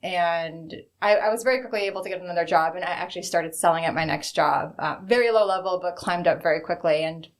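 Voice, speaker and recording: Speaking fast and barely pausing, this thirtysomething woman has a fairly low-pitched voice. She's a bank executive being interviewed, and she recounts her career openly in a frank, conversational style.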